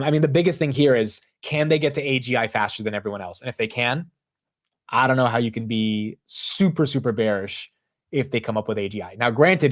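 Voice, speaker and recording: A man hosting a live stock-market stream in casual, slangy chat. He thinks aloud and sits in a plain middle pitch. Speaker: livestream host.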